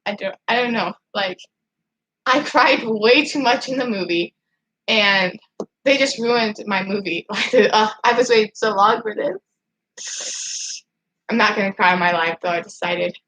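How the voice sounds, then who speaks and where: A woman's voice: medium pitch, measured pace, pauses often, a bit bright, rough recording. A woman on a casual livestream, rambling and emotional, still upset after crying, with nervous laughs and many fillers while she answers her chat. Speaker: livestreaming vlogger.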